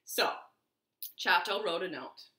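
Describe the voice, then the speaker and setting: A woman librarian reading a children's picture book aloud at home, very expressive and animated. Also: fairly low pitch, takes it slowly. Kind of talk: storytime read-aloud. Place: living room at home. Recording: echoey living room.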